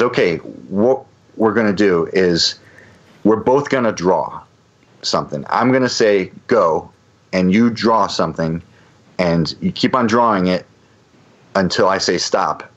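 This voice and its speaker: A podcast guest with a low voice tells a long, casual story at a measured pace, and the audio sounds dull. He rambles, restarting often and filling gaps with fillers.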